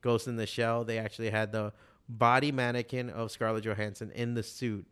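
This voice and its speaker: A man with a smooth, resonant voice at medium pitch, chatting casually. He tells lively stories full of swearing and slips into other people's voices when he quotes them. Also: fairly quick. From Miami, USA. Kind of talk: casual chat.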